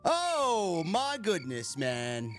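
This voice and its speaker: New york dude ranting and cussing, bright and bouncy, kinda high voice. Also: male voice, huge pitch swings, extremely slow, soft background music. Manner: loud, swearing, mock-annoyed, shouts at times. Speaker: wrestling show reviewer. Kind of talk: profane comedic rant.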